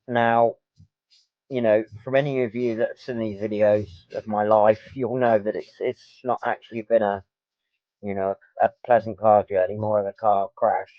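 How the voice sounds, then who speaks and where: A man's voice: lowish voice, little pitch movement, moderate pace, no echo, highs cut off. A man talking frankly to camera in a personal vlog, rambling with many filler ums. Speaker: vlogger.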